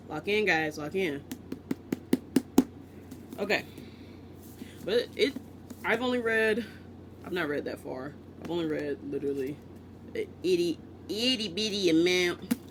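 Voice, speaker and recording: A man's voice: on the high side, noisy background. A man from the United States chatting casually as a book vlogger, rambling and cutting into his own sentences with joking asides. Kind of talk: casual rambling vlog chat.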